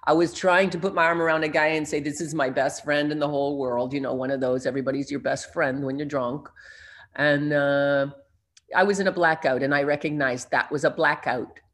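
An older man telling his own recovery story in a rambling, self-deprecating way, pausing and restarting often. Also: a little high, steady tone, a bit bright. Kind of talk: personal recovery talk.

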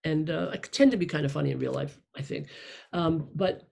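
A woman's voice: low-pitched, a little fast, gravelly, warm tone, slightly rough. A middle-aged woman candidly telling her life story to a room of listeners, rambling and self-deprecating. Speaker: speaker sharing her story. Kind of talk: personal testimony to a room.

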